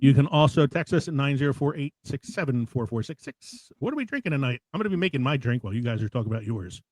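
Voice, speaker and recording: A man hosting a casual podcast, telling a dramatic deadpan story before loose, chatty banter. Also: mid-range voice, fast talker, dry recording, rough recording. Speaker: podcast host. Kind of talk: casual podcast chat with a comic spoken intro.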